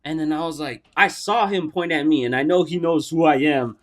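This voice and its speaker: A young man co-hosts a podcast, telling a swear-filled story in a lively way and acting out each figure in it. His voice leans high and his delivery is brisk.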